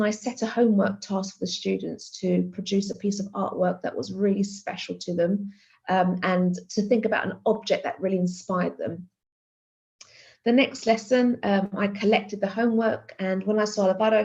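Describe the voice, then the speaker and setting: A woman's voice: medium pitch, fairly even intonation, normal speed, a little mellow, highs cut off. A woman giving a conference keynote as an art teacher, telling a classroom story with many fillers and restarts. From Greece.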